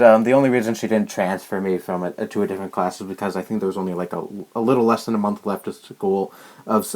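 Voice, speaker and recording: A young man vlogging a rambling, exasperated rant about a personal story, full of restarts and fillers. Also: on the low side. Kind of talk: ranting personal story to camera.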